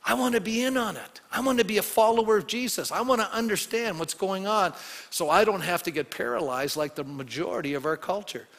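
Male pastor preaching, high bright voice, chatty and lively, long church reverb. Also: brisk. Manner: animated, conversational, asks the congregation questions. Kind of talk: sermon.

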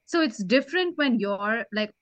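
A woman co-hosting a podcast, thinking out loud in casual chat with many "like" fillers. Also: a little high, lively intonation, normal speed, dry recording, highs cut off. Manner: thoughtful, with many "like" and "you know" fillers. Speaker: podcast co-host.

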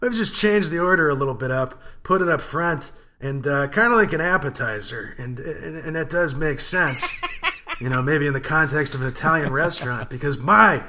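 A man's voice: fairly high pitch, expressive, normal speed, bright, forceful tone. A man hosting a podcast in a casual chat. He jokes crudely and swears freely as he moves on to the next segment. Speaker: podcast host.

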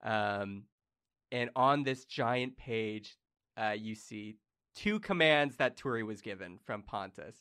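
A young man runs a tabletop game as its game master, narrating a scene in a loose, rambling way. His voice is bright and forward, and he fills his pauses with ums and uhs. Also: lowish voice. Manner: casual, rambling, many fillers.

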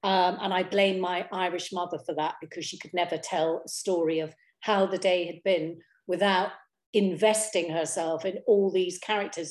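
A middle-aged woman speaks as an interview guest, her voice sitting on the low side and bouncing around a roomy, echoing space. She talks in a chatty, expressive way, circling back with fillers and restarts. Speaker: interview guest, impressionist and actor. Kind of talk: casual conversational interview. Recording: roomy echo.

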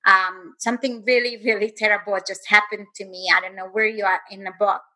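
A woman's voice: mid-range voice, fairly even intonation, brisk, pushed and bright, low-quality recording. A woman guest and author telling her personal story in an earnest, intense way, speeding up in bursts.

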